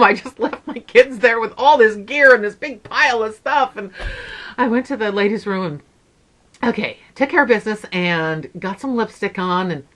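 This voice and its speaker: A woman's voice: fairly high pitch, expressive, moderate pace, fairly bright tone. A middle-aged woman talks casually to the viewers of her stitching channel. She rambles through stories, goes off on tangents, and thanks people along the way. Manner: chatty storyteller, wanders off on tangents.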